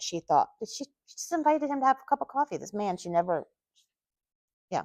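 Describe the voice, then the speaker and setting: A woman's voice: mid-range voice, sing-song, fairly quick, a little mellow, no echo. A woman reading her own novel aloud, stepping out of the story for chatty asides. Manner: chatty asides between passages.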